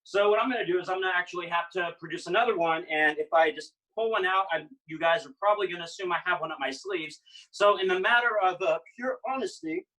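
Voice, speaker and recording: A man's voice: high-pitched, fast, pushed and bright, recorded from a distance, low-quality recording. A man performing as an illusionist, delivering playful showman patter over a video call. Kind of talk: patter for a live online magic act.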